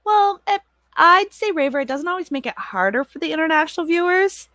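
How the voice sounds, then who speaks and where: A woman's voice: very high-pitched, expressive, fairly quick, pushed and bright, no echo. A woman in her thirties hosting a livestream, chatting casually with viewers, rambling and laughing often, with some swearing. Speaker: livestream host and moderator.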